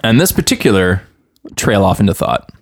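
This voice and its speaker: A man's voice: fairly low pitch, very animated, moderate pace. A man co-hosting a podcast who rambles reflectively in casual chat, with restarts and chuckles. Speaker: podcast co-host.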